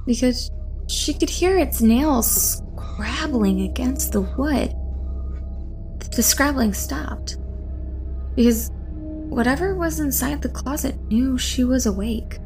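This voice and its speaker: A woman narrating a horror story in a measured, suspenseful reading. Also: sits high, a little mellow, faint music behind.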